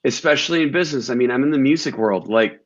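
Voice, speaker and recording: A man hosts an interview and talks candidly in a relaxed, reflective way. His voice sits at a medium pitch. The recording sounds dull and lo-fi. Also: quick pace. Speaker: host. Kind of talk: casual interview chat.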